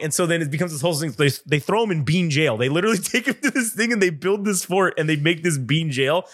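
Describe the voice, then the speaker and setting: A man's voice: a little high, lively intonation, quick pace, hardly any pauses, a bit bright. A man hosting a podcast, telling a story in casual chat, swearing freely and acting out what other people said. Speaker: podcast host.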